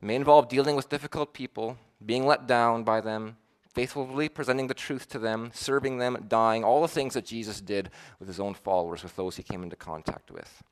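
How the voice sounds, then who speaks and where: A male pastor preaching a sermon, swinging between emphatic declarations and hushed, quiet lines, acting out quoted voices with a rising pitch. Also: fairly quick, few pauses, clear, resonant tone.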